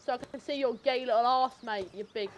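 A man's voice: very high-pitched, brisk, dull audio. A teenage boy trash-talking in game voice chat, swearing and taunting, calling everyone mate. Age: teens. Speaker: hostile player in a game.

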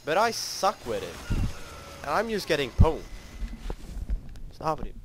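A man's voice: on the high side, very animated, unhurried, long pauses, noisy background. A young man giving live commentary over his own gameplay, frustrated, swearing and mocking his own skill in rambling talk.

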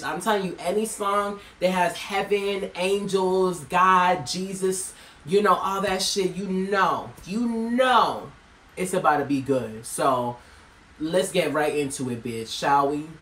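A woman's voice: fairly low pitch, a little slow. Brash, profane woman reacting to music. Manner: brash, profane, dramatic exclamations. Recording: roomy echo, faint music behind.

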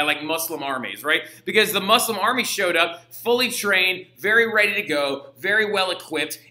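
In an echoey room, a young man teaching history lectures in a chatty, slangy way, frequently tossing in "right?". His voice is on the high side, bright and forceful.

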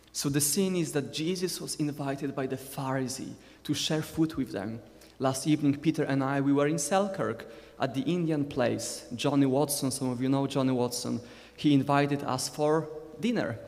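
A man's voice: medium pitch, normal speed, long reverb tail. A man in his twenties with a Scottish Borders accent, preaching a conversational sermon with joking asides to the congregation. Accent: Scottish, Borders (Galashiels). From Scotland. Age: 20s. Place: church hall.

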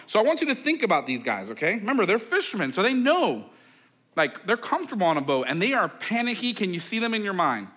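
A man delivers a sermon with a bright, forceful edge to his voice and a somewhat high pitch. He tells the story in a loose, chatty way, peppered with fillers, and acts out the voices of the people in it. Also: a little fast. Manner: animated storytelling, acting out quoted voices; conversational, with many fillers like "like" and "okay". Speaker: pastor.

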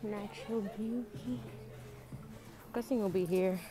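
A young Dominican woman vlogs casually on a handheld phone as she moves through stores and along the street, chatting in a blunt, profane way. Her voice sits in the mid range, and she talks slowly with fairly even intonation. The phone audio picks up loud noise from the public spaces around her.

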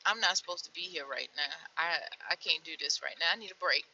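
A young woman truck driver venting from her cab in a vlog, weary and frustrated, dropping to tired mutters and then flaring up loud. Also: low voice, quick pace, lo-fi sound.

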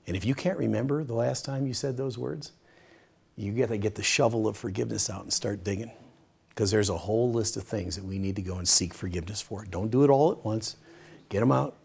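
Animated male preacher telling stories. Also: fairly low pitch, vocal fry, husky. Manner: animated storytelling, swings from loud to hushed. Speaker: Bible study teacher. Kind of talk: teaching session sermon.

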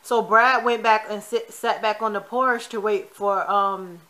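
A woman's voice: medium pitch, steady tone, unhurried, bright, forceful tone. A woman chatting casually as she recaps a TV episode, opinionated and quoting the characters as she goes. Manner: chatty, opinionated retelling of scenes; quotes the characters in passing. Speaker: TV recap vlogger.

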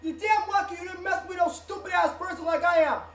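Very high-voiced woman, echoey room. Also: fairly even intonation, fairly quick. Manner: switches voices, bursts into shouts. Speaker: home video creator. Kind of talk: improvised toy play voicing several characters. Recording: echoey room with faint background noise.

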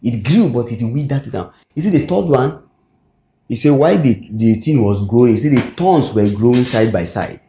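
Nigerian preacher in an echoey hall. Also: male voice, mid-range voice, animated, normal speed, mellow, slight background noise. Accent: Nigerian English. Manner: call-and-response, asks the congregation "what?" to fill in words. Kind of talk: sermon. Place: church hall.

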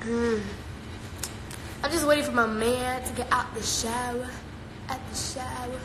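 Teenage girl streamer with a high voice, profane and playful, recorded on a phone in an echoey, noisy room. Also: steady tone, a little slow. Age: teens. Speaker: live streamer. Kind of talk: casual live-stream chat reading viewer comments.

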